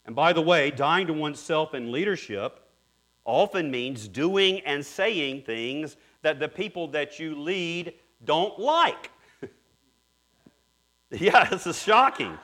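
A man preaching a sermon earnestly, dropping to hushed tones and rising to emphatic peaks. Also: a little high. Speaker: pastor.

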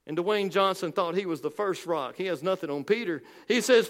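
A male pastor preaching a sermon with emphasis, slowing down and dropping low on key phrases. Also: in a large hall.

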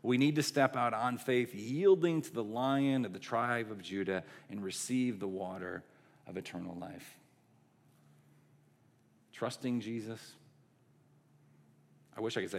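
A man's voice: fairly low pitch, unhurried, long pauses. A man preaching a sermon as a pastor, conversational, with fillers and self-corrections. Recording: long hall reverb.

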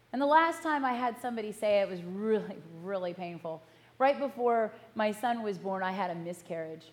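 Earnest woman pastor preaching slowly. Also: on the high side. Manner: earnest, measured, slows for emphasis. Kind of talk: sermon.

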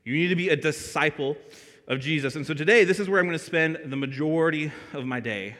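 A young adult man preaching a sermon as a pastor, telling a story with lively energy and asking the congregation questions. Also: fairly high pitch, fast talker. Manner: animated storytelling, asks the room questions. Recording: long reverb of a church hall.

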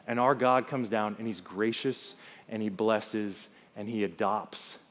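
A man's voice: on the low side, unhurried, fairly bright tone. A man preaching a sermon as pastor, emphatic, building through repeated lists and rhetorical questions. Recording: long reverb of a hall.

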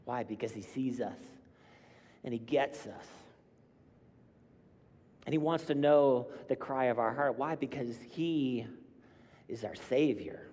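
A man's voice: medium pitch, takes it slowly, pauses often. Man preaching in a reverberant church. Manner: emphatic, rising to loud cries on key lines. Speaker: pastor. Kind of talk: sermon. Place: church sanctuary. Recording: long hall reverb.

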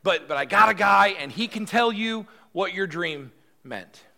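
A self-important royal officer, pitched well above his usual speaking voice and loud as he brags about his find, as a preaching man acts him out. He sounds eager and pushy, with a bright edge. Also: unhurried, creaky, heavily acted. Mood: boastful. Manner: excited, self-important bragging. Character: boastful male royal officer eager for credit.

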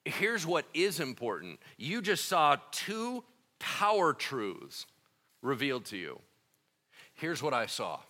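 Male pastor, sermon, conversational slangy delivery, bright ringing tone, quiet-to-loud emphasis. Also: medium pitch, takes it slowly. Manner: animated, conversational, slangy preaching; swings between quiet and loud emphatic stretches.

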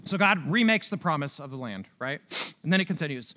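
High-voiced young man teaching scripture casually. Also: expressive, brisk, pushed and bright. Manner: conversational, slangy, keeps asking "right?". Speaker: preacher.

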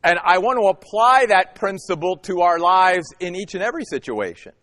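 A man preaching a sermon as a pastor, emphatic and animated, with dramatic pauses. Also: high-pitched. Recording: long hall reverb.

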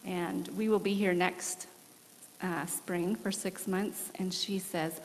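A woman in her forties, a missionary guest, giving an earnest and animated testimony with laughs during a church service. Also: fairly low pitch, slow pace. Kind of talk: candid testimony in an interview. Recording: long hall reverb.

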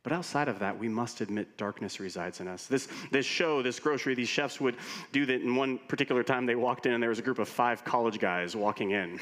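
Middle-aged guy pastor giving a sermon, funny animated stories, big church echo. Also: medium pitch, fairly quick. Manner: animated storytelling with humor. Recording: long reverb of a large hall.

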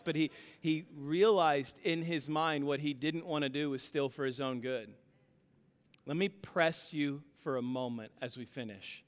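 Pastor guy in his 30s preaching, high bright voice, tells stories with lots of energy. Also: big-room sound. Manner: animated storytelling, acts out dialogue. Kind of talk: sermon with personal stories.

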